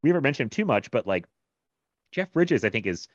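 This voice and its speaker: A man's voice: mid-range voice, sing-song, fast talker, no echo. A man in casual film discussion, talking in a rambling, enthusiastic way and laughing often. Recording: dull lo-fi sound.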